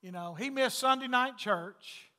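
Man, pastor, folksy sermon, loud to hushed delivery, reverberant sanctuary. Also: very high-pitched, a little slow.

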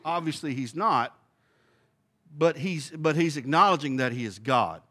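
Animated, high-voiced man teaching scripture. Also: a little slow. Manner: folksy, thinking aloud with restarts and questions. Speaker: Bible study teacher. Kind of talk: conversational Bible teaching.

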